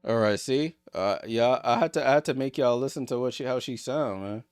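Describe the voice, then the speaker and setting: Excitable man doing casual play-by-play. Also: mid-range voice, a little fast, a little hiss or hum. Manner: excitable, joking, chatty. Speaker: streamer hosting a game watchalong. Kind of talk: casual live play-by-play commentary.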